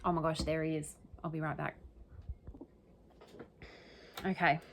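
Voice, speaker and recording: A woman's voice: low voice, level tone, a little slow, a bit bright, a little hiss or hum. A woman giving casual solo commentary that analyzes the wording of an interview, thinking aloud and often checking in with "right?" and "okay?". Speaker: true crime commentator.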